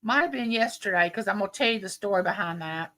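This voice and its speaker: A woman in her late 50s hosts a casual live stream from home, chatting with viewers and spinning warm, rambling stories. Her voice sits at a medium pitch and moves along quickly.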